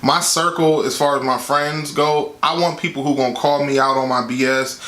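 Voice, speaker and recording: A man gives relationship advice in a casual, candid way, talking straight to his viewers. His voice is bright and clear. The room around him sounds echoey. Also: medium pitch, moderate pace. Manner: candid, conversational, quotes with animated voice. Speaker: vlogger giving relationship advice.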